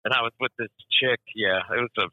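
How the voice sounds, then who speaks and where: A man's voice: mid-range voice, fast, no echo, phone-quality sound. A young man in casual, crude banter with friends, swearing, laughing and rambling through stories.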